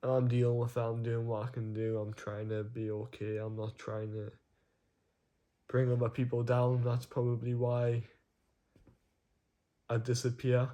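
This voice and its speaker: A man talking haltingly in a personal video diary from his own room, often searching for words. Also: mid-range voice, monotone, warm tone. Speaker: vlogger.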